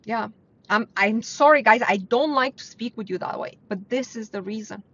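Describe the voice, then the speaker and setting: A woman hosts a casual motivational livestream, talking bluntly and earnestly. Her voice sits somewhat high and jumps up when she drives a point home. The audio is dull and lo-fi. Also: moderate pace, fairly bright tone. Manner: blunt, earnest, rises in pitch to stress points. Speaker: host of a weekly live mindset stream. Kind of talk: casual motivational talk to live viewers.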